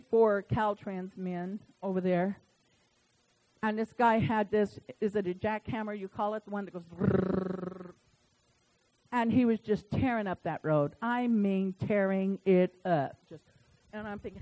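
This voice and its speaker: Woman, pastor, fervent sermon, loud proclamations, quiet storytelling, mid-pitched voice. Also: rough recording.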